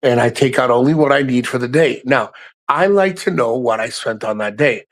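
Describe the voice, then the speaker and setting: A man talks straight to his livestream chat in a loose, rambling way, cursing freely as he goes. His voice sits at an ordinary middle pitch, and his delivery stays blunt and unpolished. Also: moderate pace. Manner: frank, heavy swearing, rambling asides to the chat. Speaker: livestream host.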